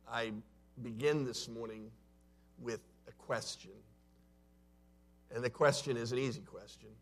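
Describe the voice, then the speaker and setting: A man in a church sanctuary preaching a sermon, conversational and story-driven, swinging between loud and soft. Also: medium pitch, steady tone, measured pace, faint music behind. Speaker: pastor.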